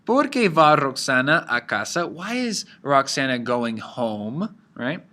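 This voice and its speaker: Guy teaching spanish off slides, talks real slow, bright voice, lots of ums. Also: medium pitch, sing-song. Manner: explains slowly, switching between English and Spanish examples, many fillers. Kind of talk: slide-based language lesson.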